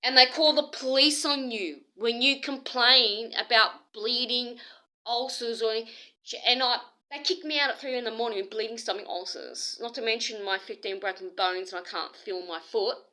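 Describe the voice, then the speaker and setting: A woman's voice: fairly high pitch, normal speed, bright, forceful tone, rough recording. An Australian woman rambling through an agitated, aggrieved personal complaint, jumping from one story to the next. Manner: agitated, aggrieved, jumps between stories.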